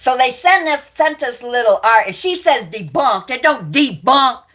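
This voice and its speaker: A woman's voice: sits high, lively intonation, normal speed. Profane, furious woman ranting. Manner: profane, shouting, insulting. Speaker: livestream host. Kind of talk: angry rant to viewers.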